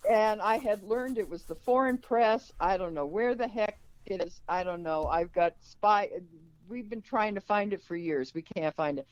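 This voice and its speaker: As a guest in an interview, an older woman with a mid-range voice speaks at normal speed, relating an anecdote with energy and voicing the dialogue she quotes. There is no room sound, and the lo-fi recording is dull and dry.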